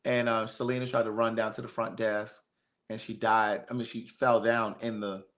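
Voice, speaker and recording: A man hosting a podcast, chatting casually with blunt, animated talk and free swearing. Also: lowish voice, moderate pace. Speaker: podcast host. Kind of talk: casual chat.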